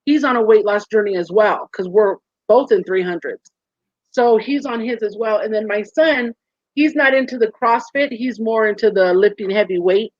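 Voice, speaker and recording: A woman in her forties, a guest in a casual interview, telling stories with lively acted-out quotes over a video call. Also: medium pitch, moderate pace, no room sound. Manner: animated storyteller, acts out quoted voices. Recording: muffled dry call audio.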